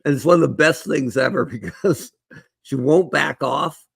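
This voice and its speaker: Gravelly man cracking jokes. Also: a little high, normal speed, a bit bright, no room sound. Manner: joking asides. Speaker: podcast co-host. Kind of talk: casual chat.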